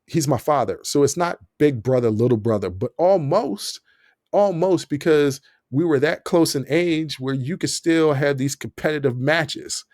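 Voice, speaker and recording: A man hosting a podcast, telling a story in a lively, casual way and laughing often. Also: on the high side, moderate pace, no room sound, clean studio sound. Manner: animated, laughs often while telling stories. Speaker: podcast host.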